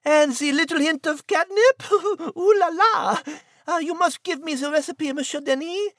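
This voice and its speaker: A woman doing a dainty female cat with a sing-song put-on French accent, refined and playful. Her voice is very high and heard close and dry. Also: moderate pace, dry recording. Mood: charmed.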